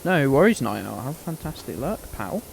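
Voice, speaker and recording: A man's voice: mid-range voice, big pitch swings, brisk, gravelly, a little hiss or hum. Man, game streamer, casual chat, playful, sweary. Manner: chatty, playful, swears freely.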